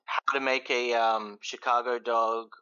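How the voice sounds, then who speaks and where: A man from Australia, a podcast guest, chatting in a relaxed way with ums. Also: medium pitch, a little slow, smooth, dull audio. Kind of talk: casual podcast chat.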